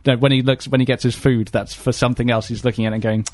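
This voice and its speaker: A man's voice: medium pitch, little pitch movement, fast, dry recording, clean studio sound. A man co-hosting a podcast, chatting casually and rambling with jokes and lots of fillers. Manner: rambling, joking, many fillers. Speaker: podcast co-host. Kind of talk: casual comedic chat.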